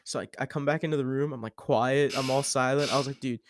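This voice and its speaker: A man's voice: mid-range voice, steady tone, fast talker, slight background noise. A young man hosting a podcast, telling a long story in a rambling, laid-back way with plenty of "like" and swearing. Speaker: podcast host. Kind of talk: casual storytelling chat.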